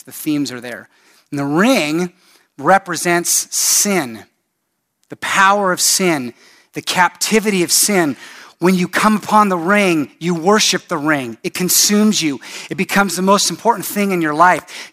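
Male pastor mid-sermon, slow and earnest, slightly raised pitch, pleading calls to the congregation. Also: bright, forceful tone. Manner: earnest, emphatic storytelling with pleading appeals.

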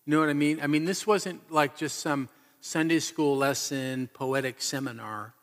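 An earnest male pastor delivers a sermon full of emphatic, repetitive storytelling, speaking at a normal speed in a steady tone. His voice is slightly high for a man, and a long reverb follows it through the church hall.

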